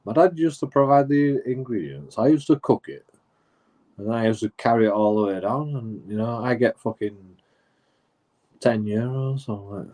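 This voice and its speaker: A man with a lowish, expressive, slightly mellow voice speaks at a moderate pace while streaming. His casual story wanders, with swearing, asides, repeated "you know"s and many restarts.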